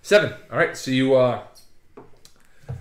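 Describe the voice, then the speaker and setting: Halting man game master, echoey room. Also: medium pitch, over a noisy crowd. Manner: halting, restarts phrases, chuckles. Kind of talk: narrating a tabletop game. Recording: echoey room with background noise.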